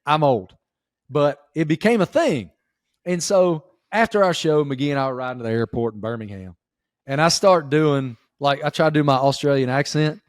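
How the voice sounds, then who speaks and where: Animated Appalachian Southern man. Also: on the high side, normal speed, dry recording, studio quality. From southwestern Virginia. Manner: animated folksy storyteller. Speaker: guest, sports reporter. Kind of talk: casual interview chat.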